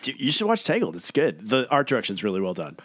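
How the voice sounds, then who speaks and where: A man co-hosting a podcast, laid-back and chatty, a little drowsy and quick to laugh. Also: medium pitch, wildly swooping pitch, a bit bright, breathy edge, no room sound, studio quality. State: slightly drowsy from medication. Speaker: podcast co-host. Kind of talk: casual chat.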